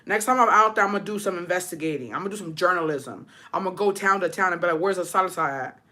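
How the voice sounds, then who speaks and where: With a fairly low pitch and a sharp tone, this woman streams from Texas and tells her live chat a story. Her language is profane, she code-switches into Spanish, and she laughs quickly.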